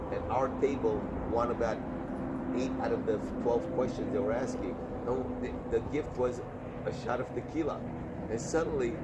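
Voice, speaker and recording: A man from Romania interviewing a guest in casual chat, talking with many fillers and pauses. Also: on the low side. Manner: chatty, hesitant, with many fillers. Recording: noisy background.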